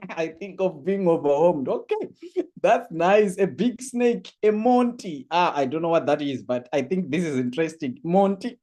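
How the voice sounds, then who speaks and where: A man's voice: a little high, unhurried. A man running a live online course orientation, reading chat answers aloud with lots of laughs and exclamations. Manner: animated, reads chat aloud, laughs often.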